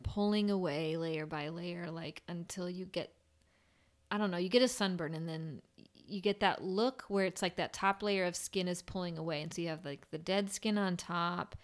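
Young woman, nurse, lower voice; loose, candid storyteller in a casual chat. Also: moderate pace. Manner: candid, rambling, frequent "like". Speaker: nurse on a burn unit. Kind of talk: casual conversation.

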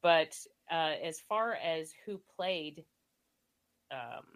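This co-host of a casual movie podcast has a deep voice and speaks extremely slowly, though still animated. She is recovering from illness and rambles with lots of fillers, laughing frequently.

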